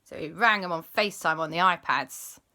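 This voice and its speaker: A woman telling a children's story as host, animated and dropping into spooky whispers. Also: lowish voice, moderate pace.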